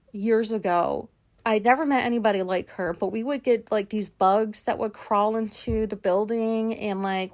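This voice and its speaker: A middle-aged woman hosting a solo podcast, rambling and questioning herself in casual chat and swearing freely. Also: on the high side. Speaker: podcast host.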